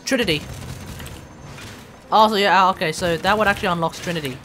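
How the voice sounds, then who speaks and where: A man's voice: sits high, brisk, bright, forceful tone, slight background noise. A man co-hosting a game stream, chatting casually with joking, exclamatory remarks. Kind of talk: casual gameplay chat.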